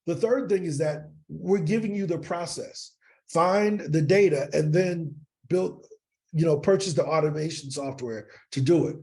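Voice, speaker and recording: A man from East St. Louis, a podcast guest telling animated stories and often checking in with "right?". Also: fairly high pitch, a little slow. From East St. Louis, Illinois. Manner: animated storyteller, keeps asking "right?". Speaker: podcast guest, sales coach. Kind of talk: casual interview storytelling.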